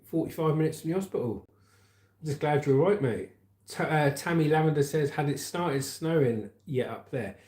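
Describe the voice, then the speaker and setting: A man from England with a southern English accent hosts a casual news livestream in a medium-pitched, warm voice with a roomy sound. He reads viewer comments aloud and responds in a friendly, laid-back, chatty way, calling people "mate" and laughing at what they write.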